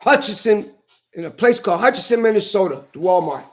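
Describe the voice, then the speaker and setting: A man with a fairly high voice delivers a heated monologue straight to his camera. He curses constantly and circles back over the same points as he vents. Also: animated, fairly quick. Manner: heated, profane, repetitive venting. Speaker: vlogger. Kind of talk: angry ranting monologue.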